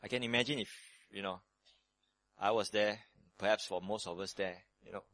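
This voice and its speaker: A man preaching a sermon on a Bible passage, animated and dramatic, moving between loud emphasis and hushed tones, with casual asides to his listeners. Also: on the low side, a little fast, dry recording. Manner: conversational asides with frequent "you know" and "right".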